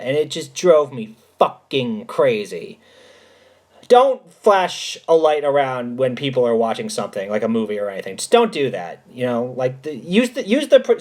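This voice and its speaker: Animated man with lively, swooping pitch. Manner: animated, emphatic, swears freely. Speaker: livestream host answering chat. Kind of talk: casual chat and storytelling.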